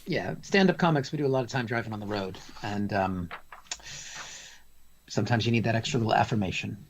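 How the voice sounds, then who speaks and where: A man's voice: lowish voice, fairly quick, slight background noise. A man co-hosting a casual comedy news chat, making wry, rambling asides. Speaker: co-host of comedy news show.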